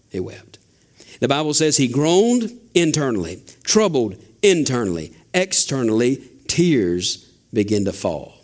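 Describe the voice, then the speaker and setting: A man preaching a sermon as a pastor, asking rhetorical questions and building emphasis. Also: mid-range voice. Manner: father.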